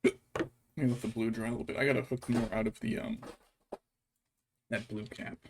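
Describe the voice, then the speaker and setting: Against a noisy background, a young adult man with a medium-pitched, fairly even voice talks at normal speed while painting miniatures. He spins rambling, profane stories, throwing in mocking impressions.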